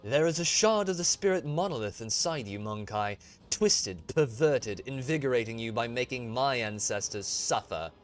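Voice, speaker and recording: A man voicing an ancient alien Harlequin mystic in a low, hushed, grave voice, reading a game aloud. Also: animated, moderate pace, hardly any pauses, soft background music, lightly acted.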